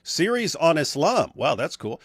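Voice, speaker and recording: A man's voice: a little high, sing-song, measured pace, slightly rough, no room sound, clean studio sound. A man hosting a casual livestream, reading out viewer comments in a jokey manner. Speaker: livestream host.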